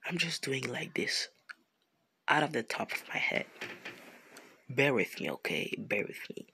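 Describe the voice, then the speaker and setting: Gravelly man rambling through a story. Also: medium pitch, sing-song, measured pace, pushed and bright. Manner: rambling, self-correcting, slangy. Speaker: fan storyteller. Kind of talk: improvised fan-fiction narration.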